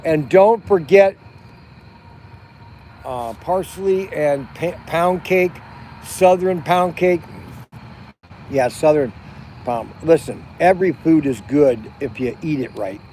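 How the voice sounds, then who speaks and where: A man's voice: on the high side, slow, pauses often, mellow, a little hiss or hum. A middle-aged man rambling casually in a livestream, talking outdoors by a campfire at night, with many restarts and fillers. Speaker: vlog host. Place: outdoors at a campground by a fire at night.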